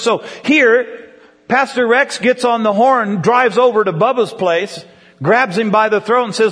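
A man's voice: high voice, animated, a little slow, a bit bright, husky, big-room sound. A man preaching a sermon in a conversational way, asking his congregation questions and drawing them in. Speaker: pastor. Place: church with congregation.

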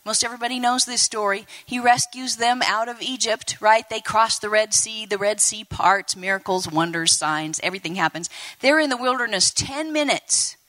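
A woman in her fifties preaching a lively sermon to a congregation, addressing them directly and acting out quoted voices. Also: fairly high pitch, moderate pace. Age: 50s. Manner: animated, talks to the congregation, acts out quoted voices.

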